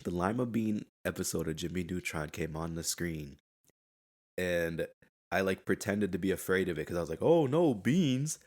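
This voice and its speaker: Young man, low voice, rambling solo podcast chat, laid-back, laughs at himself. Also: fairly even intonation, moderate pace. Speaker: podcast host. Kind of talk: casual solo podcast monologue. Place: at home.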